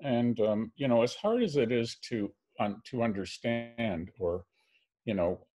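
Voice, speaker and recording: An older Canadian man, a filmmaker, telling a story gently and reflectively as a guest on a video call. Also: medium pitch, lively intonation, a little slow.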